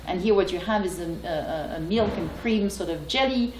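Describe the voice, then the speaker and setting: A woman from France with a French accent, giving an academic lecture and pausing often with fillers and restarts. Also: on the low side, echoey room, noisy background. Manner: hesitant, many fillers and restarts.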